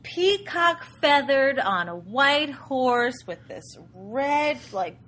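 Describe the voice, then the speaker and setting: A woman's voice: high-pitched, lively intonation, slow, a bit bright, slight background noise. A woman co-hosting a podcast, chatting casually about a movie, rambling and gushing and repeating her words. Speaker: podcast co-host. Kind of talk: casual chat reviewing a movie.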